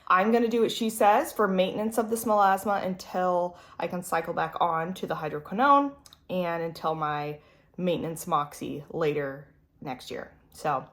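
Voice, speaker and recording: A woman in her late thirties talking casually to camera in a vlog, chatty and loose, with lots of "like" and "um". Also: fairly low pitch. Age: late 30s. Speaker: beauty vlogger.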